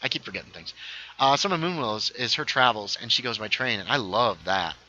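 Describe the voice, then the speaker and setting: A man's voice: medium pitch, animated, fairly quick, pushed and bright, highs cut off. A man hosting a casual gaming livestream, thinking aloud as he builds and reading viewer chat aloud. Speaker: livestream host.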